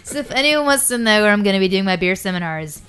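A woman's voice: mid-range voice, lively intonation, fast, a bit bright, clear, resonant tone. A woman guest on a podcast, a comedian and beer seminar presenter, chatting casually in a brash, profane, jokey way. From Latin American parents.

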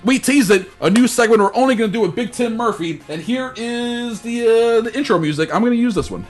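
A man hosting a podcast, telling a story in a casual, animated way with plenty of swearing. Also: extremely high pitch, a little fast, faint music behind. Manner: animated, profane anecdote telling. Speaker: podcast host.

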